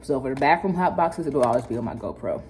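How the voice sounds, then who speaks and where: A woman's voice: extremely low pitch, expressive, fast, a little mellow, a little hiss or hum. A young woman with a Philadelphia accent, chatting loosely and with plenty of slang to her viewers in a casual vlog, filmed on a phone held at arm's length. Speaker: vlogger. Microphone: phone camera at arm's length. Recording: music playing clearly under the voice.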